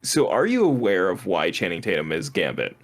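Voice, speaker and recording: A man's voice: deep voice, wildly swooping pitch, brisk. A man co-hosting a podcast, explaining film trivia in a casual, giggly way. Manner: giggly, explains movie trivia with frequent laughs. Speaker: podcast co-host. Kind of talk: casual movie chat.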